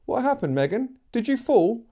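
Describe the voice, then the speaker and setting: A man's voice: very high-pitched, very animated, normal speed, warm tone, pitched above the performer's own voice, heavily acted. A man reading aloud, voicing an anxious young girl who urges her friend to hurry. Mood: urgent.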